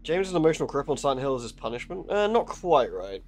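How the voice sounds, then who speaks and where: A man's voice: medium pitch, sing-song, fast, a little hiss or hum. A young man chatting casually while live-streaming a horror game, joking, swearing and laughing often.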